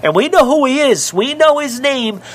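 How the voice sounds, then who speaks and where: A man's voice: very high voice, expressive, normal speed, a bit bright. A middle-aged man, a minister, preaching in an earnest, conversational way and telling stories as he speaks to the host. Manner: earnest and storytelling, addresses the host by name. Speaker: minister and guest.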